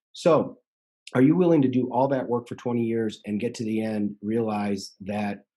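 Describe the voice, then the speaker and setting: A man's voice: mid-range voice, dark tone, breathy edge. A man hosting a podcast, coaching contractors in an earnest, persuasive way and repeating points for emphasis.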